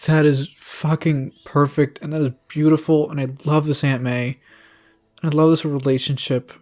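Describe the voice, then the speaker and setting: Young guy reacting to a movie, swearing a lot, excitable, voice kinda high. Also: normal speed. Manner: excitable, profane, talks over the film. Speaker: movie reviewer. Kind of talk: reaction commentary.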